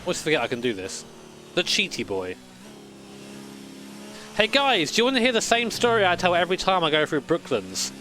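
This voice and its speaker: A man's voice: a little high, wildly swooping pitch, brisk, long pauses, pushed and bright, faint music behind. A man in his late twenties, a sim racing streamer chatting casually with swearing and rambling stories. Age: late 20s. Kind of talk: casual live-stream chat.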